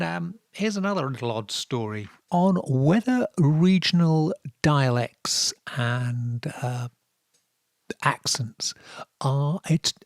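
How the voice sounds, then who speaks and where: A man with a Norfolk accent hosting a radio show, telling odd stories in a relaxed, wry way with many fillers. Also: medium pitch, creaky, no echo, studio quality. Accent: Norfolk English. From England. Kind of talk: relaxed radio talk with dry asides.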